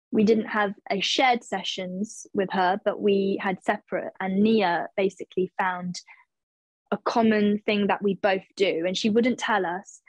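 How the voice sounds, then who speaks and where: Searching for the right words, a woman in her twenties from England, an actress, responds to interview questions in a relaxed, halting way full of fillers and false starts. She has a mid-range voice, captured in a dry, low-quality recording.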